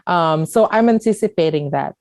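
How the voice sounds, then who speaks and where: Young Filipino-accented woman, mellow voice. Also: low voice, moderate pace, dry recording. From Philippines. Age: young adult. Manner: emotional, laughing through tears. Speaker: guest. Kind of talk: conversational interview.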